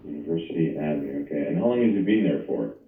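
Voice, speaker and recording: A man's voice: a bass voice, animated, fast talker. A man hosting a podcast, on a phone call, asking skeptical, probing questions. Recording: echoey phone line from far off.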